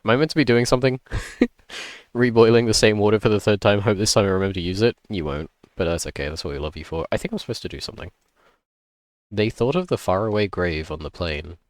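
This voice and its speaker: A man streaming a game live, chatting playfully and greeting his viewers with excitement. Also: fairly low pitch, fast, no echo, clean studio sound. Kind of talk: casual livestream chat while gaming.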